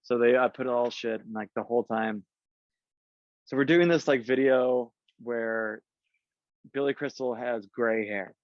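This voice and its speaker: A man's voice: medium pitch, unhurried, dry recording, highs cut off. A man in his thirties from Southern California tells a long anecdote as a podcast guest, with lots of fillers and cursing. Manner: rambling, profane, heavy on fillers like "like" and "um". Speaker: guest musician. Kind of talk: casual anecdote telling.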